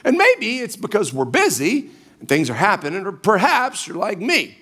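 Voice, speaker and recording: A man's voice: high-pitched, wildly swooping pitch, normal speed, sharp tone. A middle-aged man preaching a sermon from a church stage, with folksy, humorous storytelling. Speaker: pastor.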